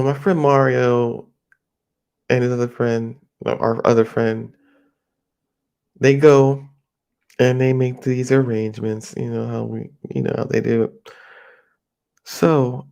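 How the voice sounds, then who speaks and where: A man's voice: mid-range voice, gravelly, a little mellow, smooth. A man casually telling a rambling personal story at home, slipping into his friends' voices as he quotes them. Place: home near a highway.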